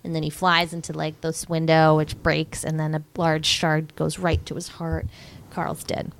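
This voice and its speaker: A woman's voice: deep voice, completely flat delivery, normal speed, vocal fry. A woman in her thirties co-hosting a podcast, chatting casually and swearing freely as she recaps a movie. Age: 30s. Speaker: podcast co-host.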